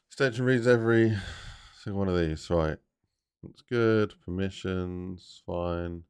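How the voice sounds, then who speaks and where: A man's voice: low voice, vocal fry, clean tone. A man chatting casually on a live stream while he builds a game map, thinking aloud and talking to his chat in a rambling way.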